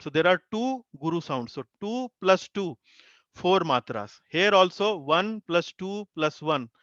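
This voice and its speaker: A man, a Hindi speaker, teaching an online class, explaining slowly with many fillers and repeated syllables. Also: on the high side, a bit bright, no room sound, muffled recording. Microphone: video call.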